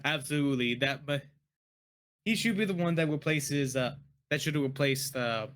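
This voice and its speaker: A man's voice: on the high side, normal speed, a bit bright. A man, a tabletop game player, chatting casually before an online session, often restarting and hunting for words, over a computer mic. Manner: hesitant, restarts and searches for words. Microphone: computer mic on a voice call.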